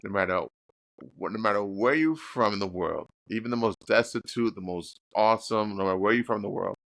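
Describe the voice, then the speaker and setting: A man's voice: on the low side, fairly quick, gravelly, a bit bright. A man hosting a podcast, asking curious questions and reflecting on what he hears. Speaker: podcast host. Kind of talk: casual interview.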